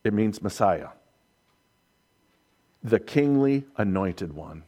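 A man's voice: lowish voice, lively intonation, takes it slowly, mellow. A man preaching a sermon, emphatic and repeating key lines for weight.

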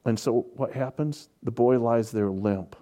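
A man's voice: mid-range voice, measured pace, mellow. A man preaching a sermon, explaining scripture and pressing points home with emphatic, repeated words. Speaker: pastor.

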